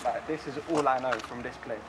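A man from Poland, chatting animatedly with lots of slang while walking through his childhood neighbourhood. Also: medium pitch. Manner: animated, slangy, quick to laugh. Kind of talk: casual walking tour chat. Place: outdoors on city streets. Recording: street noise and traffic outdoors.

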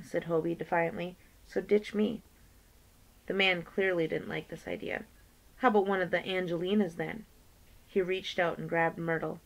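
Gravelly low-voiced woman reading aloud. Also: poor audio. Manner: plain classroom read-aloud, lightly voicing characters. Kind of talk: read-aloud of a novel.

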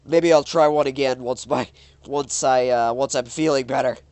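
A man's voice: medium pitch, fairly even intonation, normal speed, a little mellow, no room sound. A man with a stuffed-up nose giving casual, rambling commentary while playing a driving game, often exclaiming at the road. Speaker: gaming YouTuber.

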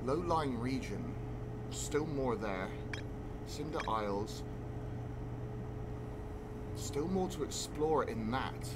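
A man's voice: mid-range voice, expressive, takes it slowly, pauses often, very noisy. A man, streaming a game and chatting casually in a rambling way that swears freely. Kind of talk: casual gameplay stream chat. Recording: game music playing behind.

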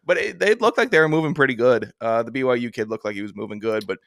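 A man co-hosting a football podcast in a casual chat, teasing his co-host and acting out coaches' shouts. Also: mid-range voice, quick pace, vocal fry, no echo.

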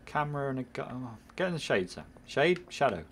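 A man's voice: medium pitch, animated, fast talker, fairly bright tone, a little hiss or hum. A man commentating his own game playthrough, rambling and self-mocking, muttering at the game as he plays. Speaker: gaming channel host. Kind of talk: let's play commentary.

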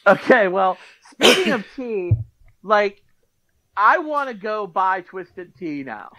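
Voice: mid-range voice, sing-song, slow pace, a bit bright, poor audio. A podcast co-host in casual chat who reacts to the story, praises it and cracks jokes. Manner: reacts with short interjections, jokey and full of praise.

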